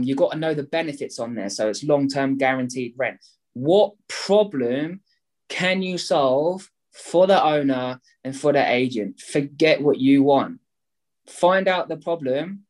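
Animated man explaining with gusto. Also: mid-range voice, a little slow. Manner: animated, acts out both sides of calls. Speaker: property investment guest. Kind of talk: energetic explanatory talk with role-played phone calls.

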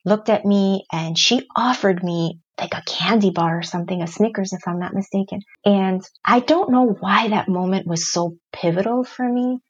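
A woman's voice: mid-range voice, normal speed, hardly any pauses, slightly rough. A middle-aged woman, a guest, openly telling a personal story in an interview, earnest and reflective. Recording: dull lo-fi sound.

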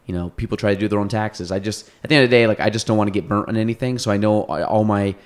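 A man with a lowish voice co-hosting a casual podcast. He rambles, restarts and trails off mid-thought as he chats. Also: fairly even intonation, rapid-fire, clean tone. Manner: rambling, self-interrupting, trailing off. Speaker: podcast co-host.

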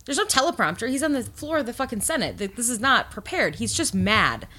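A woman co-hosting a casual political chat, animated and swearing freely, with lots of "like" fillers. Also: on the high side, fairly quick. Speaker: podcast co-host. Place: lives in Colorado.

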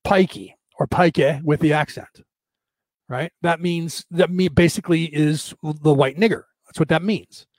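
An American man hosting a live-streamed show, rambling quickly in casual talk and peppering it with "right?" and mock voices. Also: fairly high pitch, a little mellow, no room sound. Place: home setup, camera off.

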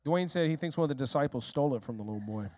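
A male pastor preaching a lively sermon, often asking his congregation questions and speaking to people in the room. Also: medium pitch, very fast, no room sound, studio quality. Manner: speaks directly to listeners in the room.

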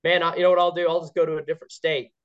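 A man, a guest on a podcast, telling stories in an excited, rambling way with many restarts. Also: fairly high pitch, racing, clear, resonant tone. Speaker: guest, game caller. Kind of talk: casual podcast chat. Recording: dull lo-fi sound.

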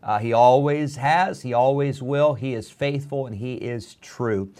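A middle-aged pastor preaching an earnest radio sermon, often pausing on "uh" and building to fervent emphasis. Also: male voice, medium pitch, a little mellow.

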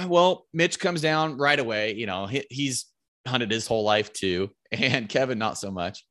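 A man's voice: medium pitch, lively intonation, unhurried, a bit bright, no room sound, studio quality. A man, likely in his thirties, casually telling a rambling, profane hunting story and raising his voice to quote his friends.

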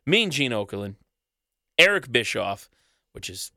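A man's voice: medium pitch, very animated, measured pace, pushed and bright, dry recording, clean studio sound. A man co-hosting a casual wrestling podcast, swearing freely and reading off long lists of names. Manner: profane, rattles off long lists. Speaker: podcast co-host.

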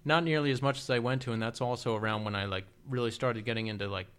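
A man's voice: mid-range voice, fairly even intonation, quick pace, a bit bright, clean tone. Male podcast co-host, forties, medium voice, chatty, laughs a lot, asks questions. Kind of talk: casual chat.

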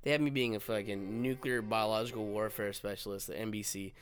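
A young man hosting a casual chat, telling a profane, animated story and acting out the quotes. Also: fairly low pitch, a little fast. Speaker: podcast host.

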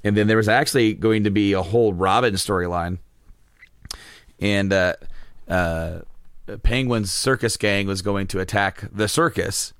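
A man's voice: fairly low pitch, measured pace, smooth, no echo, studio quality. A man co-hosting a casual chat, telling stories with lots of laughs and acted-out quotes. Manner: animated storyteller, laughs often, acts out quotes. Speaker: podcast co-host.

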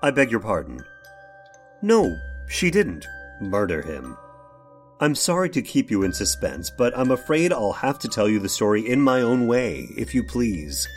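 A man's voice: on the low side, very animated, unhurried, soft background music. A man playing a prim genteel narrator. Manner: prim, old-fashioned, addresses listener directly. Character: fussy genteel male workshop owner, narrator. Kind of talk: radio drama narration and dialogue.

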